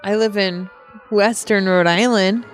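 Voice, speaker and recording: A woman's voice: mid-range voice, fairly even intonation, unhurried, soft background music. A woman co-hosting a podcast in casual chat, playful and teasing. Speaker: podcast co-host.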